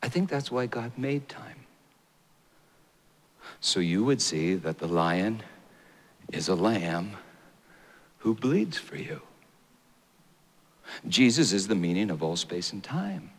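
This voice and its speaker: A man preaching a sermon, dramatic and rising to loud high peaks. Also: big pitch swings, slow, pauses often. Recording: long hall reverb.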